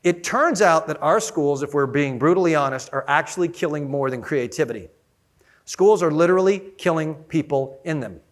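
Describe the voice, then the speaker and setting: Man, keynote speaker, fairly high voice, energetic, asks the room questions. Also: normal speed. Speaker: conference speaker. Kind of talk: conference keynote talk. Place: conference room with audience.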